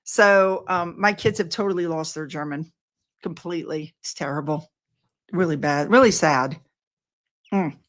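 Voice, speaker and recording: A woman's voice: deep voice, measured pace, pauses often. An older woman chatting casually to her viewers in a rambling, effusive way. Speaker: vlogger.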